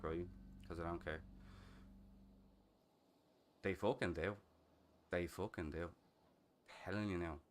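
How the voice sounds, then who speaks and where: A man in his thirties with an Irish accent, chatting casually and crudely while streaming a game, swearing often and breaking into loud laughs. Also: low-pitched, slight background noise. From Ireland. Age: 30s. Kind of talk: casual chat while gaming.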